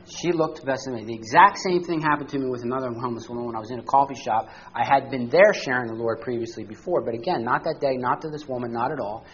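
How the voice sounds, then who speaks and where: A man's voice: mid-range voice, fast talker, few pauses, a bit bright, dull audio. Conversational man teaching a Bible class. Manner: conversational, asks the group questions, frequent "all right?". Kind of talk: teaching a church study class. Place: room with a group of listeners.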